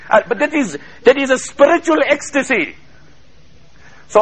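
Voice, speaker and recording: A man preaching a fervent sermon to a congregation, quoting Arabic in rapid chanted bursts. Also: very high voice, big pitch swings, fairly bright tone, slightly rough, rough recording. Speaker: Islamic preacher.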